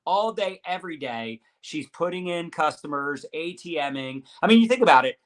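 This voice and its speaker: A man's voice: a little high, expressive, moderate pace. A man hosting a live-streamed interview over a video call, talking in an upbeat, hyped-up motivational way. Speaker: host.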